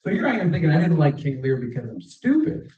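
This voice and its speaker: A man's voice: on the high side, very animated, quick pace. Rambling self-mocking stand-up man. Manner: rambling, chatty, self-mocking delivery with fillers. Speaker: stand-up comedian. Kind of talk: stand-up storytelling. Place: small stage before a live audience. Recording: echoey room, distant mic, dull sound.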